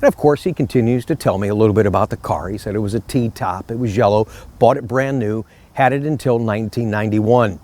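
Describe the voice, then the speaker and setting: A man's voice: fairly low pitch, a little fast, darkish tone. A middle-aged man, a car salesman hosting his own channel, chatting casually and telling friendly stories outdoors in a park. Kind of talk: casual outdoor vlog talk.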